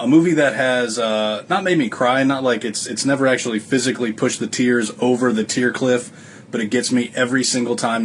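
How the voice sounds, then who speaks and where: A man talking in a halting, heartfelt way, with many fillers. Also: mid-range voice, a little hiss or hum. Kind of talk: casual reflective talk.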